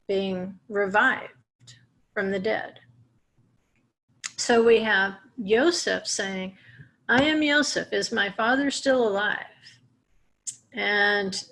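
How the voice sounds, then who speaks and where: A woman's voice: mid-range voice, gravelly. A woman teaching a Torah portion lesson, explaining Hebrew words step by step with small restarts. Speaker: Bible teacher.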